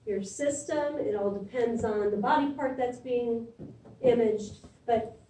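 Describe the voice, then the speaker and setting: A woman's voice: fairly high pitch, a little slow, dark tone, a little hiss or hum. A middle-aged woman teaching a classroom lecture in a conversational way, often checking in with "okay?". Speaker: imaging instructor. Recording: echoey room from far off.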